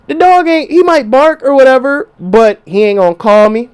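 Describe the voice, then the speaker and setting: A young man with a high voice talks straight to his listeners in a loose podcast monologue. He swears freely and slips into voices of the people he describes, and his delivery stays casual and animated. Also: normal speed, smooth. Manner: profane, animated, acts out quoted voices. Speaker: podcast host.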